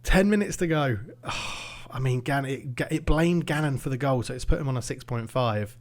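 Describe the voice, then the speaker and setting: A man commentating his own football management game, swinging between nervous muttering and excited shouting. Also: medium pitch, normal speed. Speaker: gaming YouTuber.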